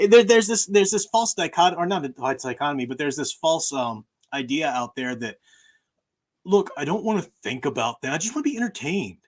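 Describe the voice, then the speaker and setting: A male professor hosts a casual livestream chat from his own channel. His talk is animated and emphatic, and he often laughs at his own remarks. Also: fairly high pitch, moderate pace. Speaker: university professor and channel host.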